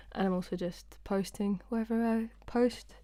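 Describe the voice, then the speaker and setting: A woman's voice: medium pitch, fairly even intonation, unhurried, dark tone, dry recording. A woman, a singer-songwriter chatting casually and giggling to viewers on her live stream from home. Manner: chatty, giggly and self-deprecating.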